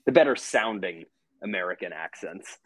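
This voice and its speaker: A man's voice: sits low, lively intonation, moderate pace, dry recording, rough recording. A man co-hosting a podcast, talking in an easygoing, rambling way with filler words. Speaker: podcast co-host. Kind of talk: casual podcast chat.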